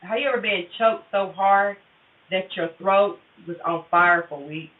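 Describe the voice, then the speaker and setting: A woman's voice: medium pitch, unhurried, roomy sound. Candid woman chatting to viewers, tinny distant audio. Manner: candid, profane, confessional, addresses viewers directly. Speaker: tarot reader livestreaming. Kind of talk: casual livestream chat with viewers.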